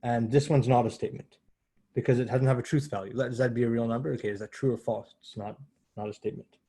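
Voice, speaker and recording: A man's voice: mid-range voice, fairly even intonation, quick pace, dark tone, husky. A man giving a university math lecture in a conversational way, often correcting himself as he explains step by step.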